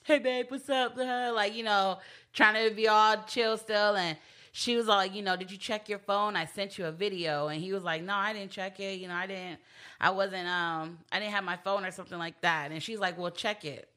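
A woman's voice: medium pitch, fairly even intonation, moderate pace, fairly bright tone. A woman in casual chat, recapping scenes of a show by quoting the characters.

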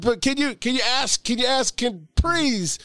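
A man putting on a self-important male preacher who booms out a comic sermon, high-pitched and swinging wildly up and down. He shouts his lines in a pompous, sing-song pulpit cadence. The sound is close and dry, with no room echo. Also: lively intonation, measured pace, exaggerated voice. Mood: preaching. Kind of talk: comic preacher role-play.

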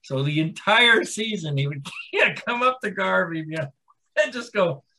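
A man's voice: high voice, lively intonation, a little slow, pushed and bright, slight background noise, rough recording. A man in his forties, co-hosting a podcast, tells a rambling story and laughs along the way. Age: 40s. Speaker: podcast co-host. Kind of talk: casual podcast chat.

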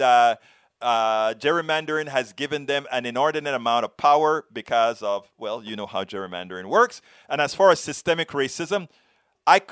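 A man with a foreign accent hosting a show, telling a story in earnest, halting commentary. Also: mid-range voice, a bit bright, dry recording, studio quality. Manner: earnest, halting, many restarts. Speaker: show host answering viewer questions.

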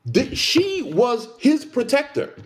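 This man's voice is very high-pitched, and he takes his time. In casual conversation he airs his opinions, complaining in an animated, emphatic way and repeating himself a great deal.

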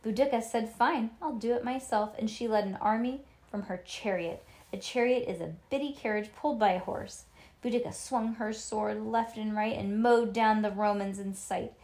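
A woman reading a children's book aloud to a child, lively and animated, with little asides. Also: mid-range voice, moderate pace.

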